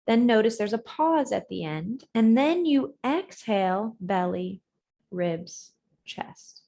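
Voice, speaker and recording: A woman teaching an online yoga class, giving gentle, measured breathing cues whose words trail off softly, over a video call. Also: medium pitch, big pitch swings, gravelly. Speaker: yoga instructor. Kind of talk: guided breathing and yoga instruction.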